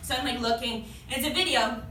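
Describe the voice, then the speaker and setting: A woman in her twenties with a slightly high, bright, forceful voice talks fast as she tells a stand-up story to a club audience, chatting, laughing between lines, and acting out quotes. The sound is roomy with a distant mic, and the crowd murmurs and laughs in the background.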